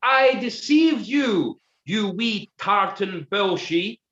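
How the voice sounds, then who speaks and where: A man voicing a cruel, sneering villainous duke in a comic story, drawing out each word slowly. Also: sits high, expressive, pushed and bright, muffled recording, pitched above the performer's own voice, heavily acted. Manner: slow, sneering, drawn-out delivery.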